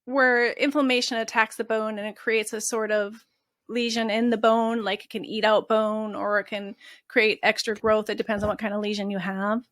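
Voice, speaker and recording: A woman's voice: medium pitch, level tone, moderate pace, fairly bright tone, dry recording. Woman guest, earnest and emotional storytelling, dry close recording. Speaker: guest, mother of a patient. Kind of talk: interview storytelling.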